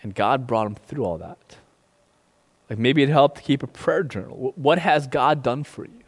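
A male pastor preaching a sermon in a relaxed, conversational way, often checking in with "right?". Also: medium pitch, moderate pace, breathy edge. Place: sanctuary streamed online. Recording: long reverb in a large room.

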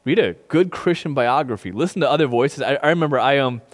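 A male pastor preaching a sermon in a relaxed, conversational way, often checking in with "right?". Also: medium pitch, quick pace. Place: sanctuary streamed online. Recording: long reverb in a large room.

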